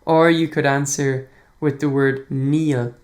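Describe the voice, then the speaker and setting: Relaxed Irish man hosting a podcast. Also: on the high side. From Ireland. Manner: relaxed, chuckling, frequent filler pauses. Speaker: podcast host. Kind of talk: casual podcast answering listener questions.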